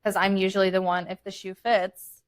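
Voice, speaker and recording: A woman's voice: mid-range voice, level tone, normal speed, no room sound. A young woman co-hosting a podcast, telling a family story in a blunt, candid, casual way. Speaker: podcast co-host. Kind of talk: casual chat.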